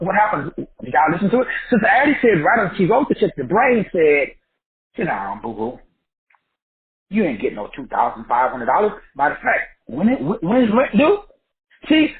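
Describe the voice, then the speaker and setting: A high-pitched man whose voice swings up and down as he preaches his lesson to a group call. He talks folksy and emphatic, throws out rhetorical questions and repeats himself for effect. The audio is thin and tinny, like a phone line. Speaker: teacher hosting a credit class.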